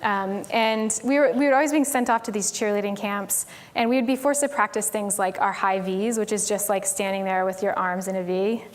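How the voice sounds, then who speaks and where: Speaking brisk and almost without pauses, this Tennessee conference speaker has a mid-range voice. Her casual stage talk is chatty and full of "like" and "um" fillers.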